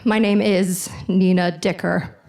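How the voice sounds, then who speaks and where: A young woman in her twenties doing a stand-up comedy set on a theater stage, telling stories in a deadpan, self-deprecating way. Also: lowish voice, takes it slowly, creaky, slight background noise.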